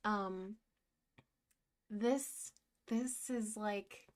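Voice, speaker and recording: A young woman vlogging as she paints, talking in a giddy, gushing, excitable way. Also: medium pitch, extremely slow. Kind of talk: casual vlog talk to camera.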